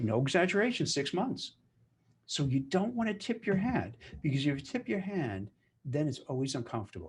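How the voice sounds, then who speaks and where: A man giving casual career advice in a lively way. He acts out office chatter in mock voices. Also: medium pitch, husky. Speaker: career commentator.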